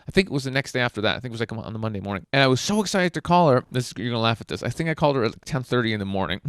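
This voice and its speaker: Fast-talking man telling candid stories. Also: medium pitch, sing-song, fairly bright tone, dry recording, studio quality. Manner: candid, self-mocking, swears, frequent fillers. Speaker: vlogger telling dating stories. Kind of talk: casual storytelling monologue.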